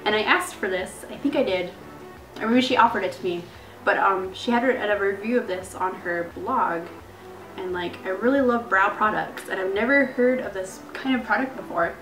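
A young woman vlogger chatting casually as she unboxes beauty gifts, gushing and excited. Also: mid-range voice, moderate pace. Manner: bubbly, gushing, lots of "like" and "so cool". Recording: echoey room with faint music.

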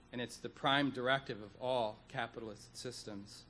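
A man delivers a conference speech in a bright, forward voice at a middle pitch. He talks earnestly and deliberately, repeating key words to drive his points home. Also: fairly even intonation. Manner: earnest, deliberate lecturing with emphatic repetitions. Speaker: economist speaker. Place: conference hall.

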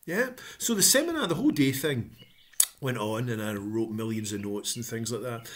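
A man speaks to camera in a relaxed vlog, warm and encouraging in tone. His pitch sits mid-range for a man, and he often pauses on an "um" before pressing on with upbeat enthusiasm. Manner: upbeat and encouraging, pausing with frequent ums. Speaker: motivational vlogger. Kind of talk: casual talk to camera.

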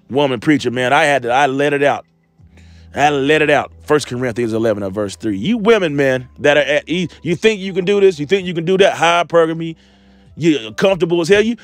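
A man with a slightly high voice delivers a rambling, profane street-style sermon, jumping between talk and slow, deliberate scripture reading. He speaks close to the mic in a dry, dead room, with soft music faintly under him. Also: no room sound. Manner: reads scripture slowly and deliberately. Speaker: street preacher. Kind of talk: informal sermon commentary.

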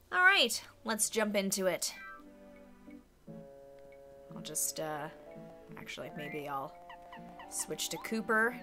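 A woman's voice: fairly low pitch, sharp tone. A woman streamer chatting casually through a game, chatty and exclamatory with frequent giggles.

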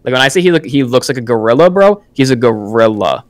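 A man's voice: mid-range voice, expressive, fast. A young man co-hosting a podcast, telling a long story in casual chat with lots of filler words and slang. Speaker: podcast co-host.

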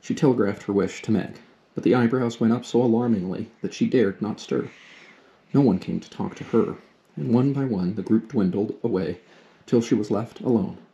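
A father reads a chapter book aloud to his daughter in a low, dark, mellow voice. He tells it steadily and without hurry, on a dull, lo-fi home recording. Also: moderate pace, gravelly. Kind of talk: reading a novel aloud.

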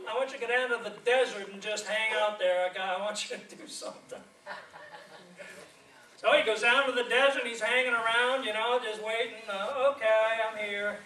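This evangelist's voice sits high, and his pace is moderate. He is a storytelling preacher, laughing and animated through a sermon captured from afar in a church sanctuary that echoes.

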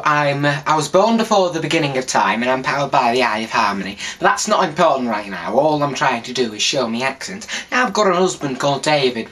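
A young male vlogger talking straight to camera between his sketches. His voice is bright and sharp, and he delivers quick, self-deprecating asides. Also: a little high, poor audio. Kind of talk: comedy accent sketches.

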